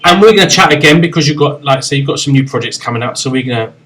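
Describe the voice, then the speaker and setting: A man's voice: medium pitch, lively intonation, a bit bright, low-quality recording. Playful male show host. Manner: playful, quick banter. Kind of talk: casual chat.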